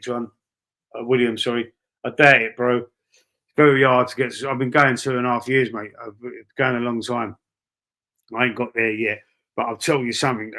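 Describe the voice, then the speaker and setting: A Cockney man from East London hosts a laid-back live stream, reading the chat aloud in a mid-range, slightly bright voice. He's chatty and swears freely, calling his viewers "bro" and "mate."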